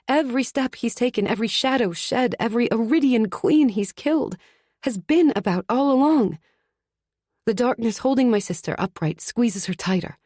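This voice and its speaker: A woman's voice: mid-range voice, darkish tone, no echo, studio quality. A woman narrating a fantasy audiobook in the first person, tense and urgent. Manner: tense, urgent inner monologue.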